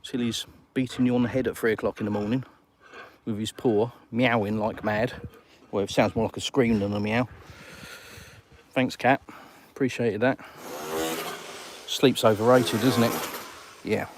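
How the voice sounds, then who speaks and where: A man's voice: mid-range voice, steady tone, moderate pace, pauses often. Chatty Englishman on a home livestream. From England. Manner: chatty, answers viewers' comments aloud. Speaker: livestream host. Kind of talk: casual live-stream chat. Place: at home in a house. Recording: clear background noise with clicks.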